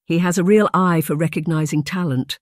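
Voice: mid-range voice, steady tone, brisk, no room sound, studio quality, natural voice. An audiobook narrator voicing a firm, worldly lady mentor who speaks earnestly.

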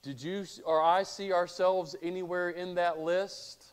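A man's voice: high-pitched, level tone, unhurried, clean tone. A male pastor preaching a sermon, asking rhetorical questions and reading scripture aloud.

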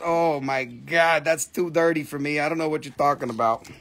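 A man's voice: fairly high pitch, moderate pace, a bit bright. A man hosting a live crystal sale, joking and swearing freely as he prices stones. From Appalachian region, US. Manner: joking, swears freely, slips into silly voices. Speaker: livestream crystal seller. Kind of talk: casual live sales chat.

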